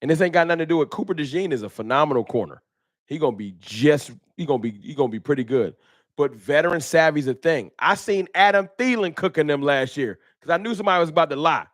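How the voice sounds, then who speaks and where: A fast-talking man hosts a fan talk stream with animated energy and a voice a touch high for a man. He argues emphatically in slang, going over his points again and again. The audio is close and dry, nearly free of room reverb.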